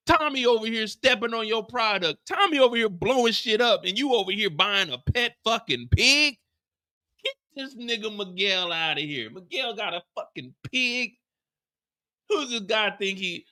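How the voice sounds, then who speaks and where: A man hosting a live TV after-show, ranting in an animated, profane way. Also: high-pitched, moderate pace. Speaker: host.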